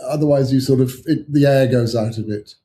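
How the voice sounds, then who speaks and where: A man's voice: mid-range voice, a little fast, dark tone, a little hiss or hum. An older English man, an author guest, telling rambling anecdotes in casual chat with chuckling asides.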